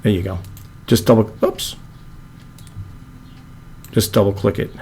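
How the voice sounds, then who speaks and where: A man with a low monotone voice, hosting a casual video editing tutorial and rambling with apologetic asides. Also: a little slow, a little hiss or hum. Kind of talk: casual screen-recorded tutorial.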